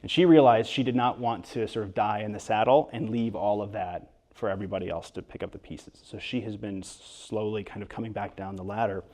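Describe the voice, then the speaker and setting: A man being interviewed about his book in front of an audience, telling stories in a lively way with quick asides and frequent restarts. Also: on the low side. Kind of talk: storytelling interview talk before an audience. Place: event hall with an audience.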